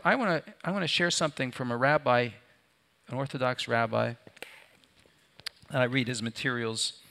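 A pastor's creaky yet bright and ringing mid-range voice carries his sermon to a live congregation. Again and again he poses rhetorical questions to the people in front of him.

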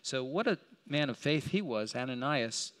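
Guy teaching a bible lesson, smooth clear voice, chatty, throws out questions and acts out the quotes. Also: mid-range voice, animated, normal speed, fairly bright tone. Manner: conversational, asks questions, acts out quoted lines. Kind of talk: sermon.

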